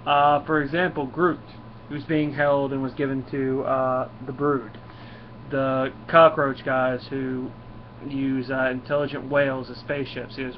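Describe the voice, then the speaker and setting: A man's voice: mid-range voice, flat delivery, unhurried. Man, comic reviewer, loose and rambling, reads lines aloud; dull camera audio, faint hiss. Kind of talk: casual comic review vlog. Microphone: camera mic.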